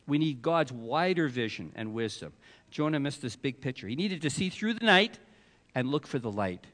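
Male preacher, lively sermon delivery, acts out biblical characters; long hall reverb. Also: medium pitch. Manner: animated, acts out voices of biblical figures.

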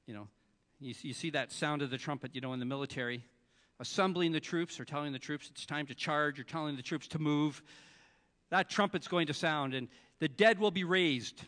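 A male pastor preaching a sermon, telling stories and swinging between soft and loud delivery, sometimes breaking into song. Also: medium pitch. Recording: long hall reverb.

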